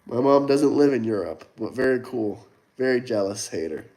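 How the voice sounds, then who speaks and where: During his casual livestream, a young adult host from the United States reads chat aloud and answers viewers in a blunt, combative, mocking way. His medium-pitched voice is expressive and darkish, and he moves at a normal speed.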